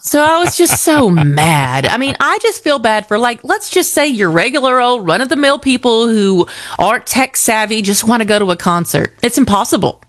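Animated woman telling a story. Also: mid-range voice, no room sound, clean studio sound. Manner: animated storyteller, acts out quoted dialogue. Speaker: co-host. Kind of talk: casual chat.

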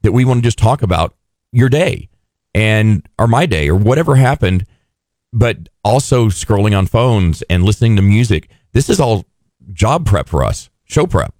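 A man's voice: on the low side, sing-song, normal speed, darkish tone, dry recording, clean studio sound. A man co-hosting a radio show, chatting casually and joking with a sarcastic edge. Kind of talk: casual on-air chat.

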